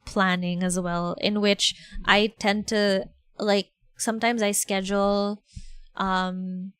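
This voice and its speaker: A woman's voice: no echo, studio quality. Bubbly woman streamer. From Philippines. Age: 20s. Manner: chatty, bubbly, lots of fillers and sudden high exclamations. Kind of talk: casual livestream chat. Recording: background music playing.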